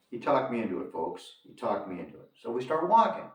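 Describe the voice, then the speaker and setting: A man's voice: medium pitch, big pitch swings, quick pace. Emphatic man ranting in an echoey room. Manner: emphatic, repeats lines for effect, addresses viewers as folks. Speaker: commentator on his own channel. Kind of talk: storytelling rant to camera. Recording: echoey room, distant from mic.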